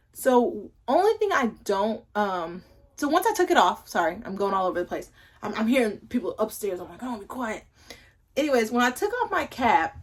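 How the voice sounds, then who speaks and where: A young woman chatting casually at home as she reviews hair products, rambling with playful asides to her viewers. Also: a little high. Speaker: hair care vlogger.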